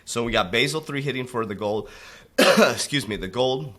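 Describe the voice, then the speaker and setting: A man giving a preachy motivational talk, calling his listeners warriors and dropping low and quiet on those tag words. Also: animated, moderate pace. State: coughing from allergies. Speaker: crypto motivational coach. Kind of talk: motivational monologue.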